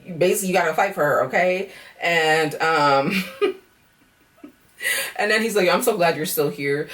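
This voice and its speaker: A woman's voice: low-pitched, moderate pace, a bit bright, far from the mic. A young woman recapping a reality dating show in a casual vlog, blunt and sassy, swearing freely and ending her points with "okay?" and "girl".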